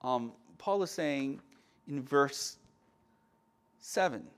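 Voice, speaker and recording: A man preaching a sermon as pastor, impassioned, swinging between loud emphatic lines and quiet asides, often restarting and repeating words. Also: mid-range voice, animated, very slow, clean tone.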